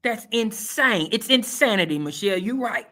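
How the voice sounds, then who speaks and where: A man's voice: high-pitched, expressive, normal speed, sharp tone. A man hosting and preaching a sermon-style motivational talk, emphatic and folksy, with a repeating preaching cadence. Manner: folksy, colloquial and direct. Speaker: host and preacher.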